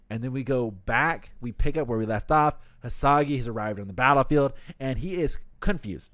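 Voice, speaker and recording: A man's voice: medium pitch, moderate pace, hardly any pauses, a bit bright, dry recording. Casual swearing male podcast host, dry sound. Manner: laid-back, swears freely, reads passages aloud. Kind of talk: casual podcast chat recapping a novel.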